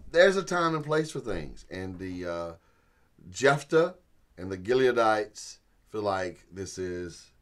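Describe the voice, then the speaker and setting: A man teaching through a Bible passage in a folksy, animated storytelling way, chuckling as he goes. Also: on the low side. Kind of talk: sermon-style Bible teaching.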